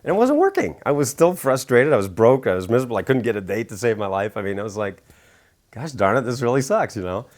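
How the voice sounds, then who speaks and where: A middle-aged man with a low voice tells stories in an animated interview. He grows enthusiastic and acts out quotes with sudden leaps in pitch. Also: quick pace, few pauses. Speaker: author and speaker.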